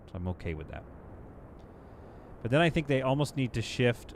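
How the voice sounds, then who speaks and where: A man's voice: lowish voice, big pitch swings, fast, long pauses, slight background noise. A man streaming live gameplay, chatting casually to his viewers and to the game as he builds. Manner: chatty, talks to the game and to chat, playful asides.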